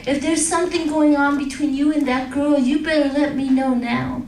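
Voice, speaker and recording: A tearful, wounded young woman pleads softly, as a woman pastor acts her out in a sermon. The high, quiet voice carries in an echoey church, picked up from a distance. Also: steady tone, extremely slow, a little hiss or hum, heavily acted. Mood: hurt. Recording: echoey room, distant mic.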